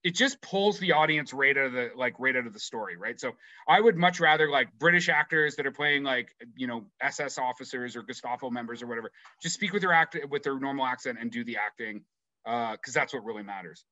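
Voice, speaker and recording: Bright, slightly high male podcast co-host, playful and profane, dry close recording. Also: a little fast, no room sound, highs cut off. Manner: animated, swearing, playful. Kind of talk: casual chat.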